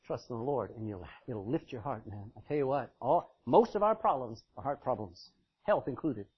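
A middle-aged male preacher giving a sermon in an emphatic, folksy way, swinging between loud declarations and quiet asides. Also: mid-range voice, animated, normal speed, slightly rough, muffled recording.

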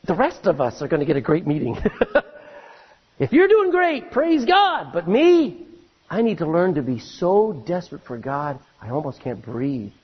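A man preaching a sermon, reading scripture aloud and swinging between loud emphasis and hushed asides. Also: fairly high pitch, big pitch swings, normal speed, breathy edge, lo-fi sound.

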